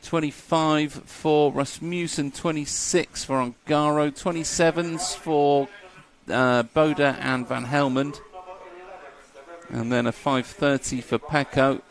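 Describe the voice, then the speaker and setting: A man's voice: fairly high pitch, fairly even intonation, slow. A man giving live commentary at a model car race, chatty and joking, laughing often.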